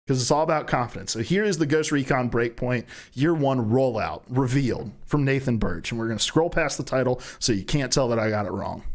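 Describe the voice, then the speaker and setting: A man's voice: mid-range voice, fairly quick, hardly any pauses. A young adult man hosting a gaming news rundown, talking casually and profanely and acting out imagined conversations as he reads the news. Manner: profane, animated storytelling, acting out imagined dialogue. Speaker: host of a gaming news show.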